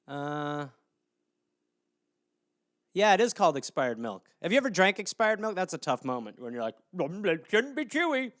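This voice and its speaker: A man's voice: on the high side, big pitch swings, normal speed, long pauses, fairly bright tone, dry recording, studio quality. A man in his thirties hosting a solo comedy podcast, ranting and acting out silly scenes with lots of swearing. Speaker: podcast host.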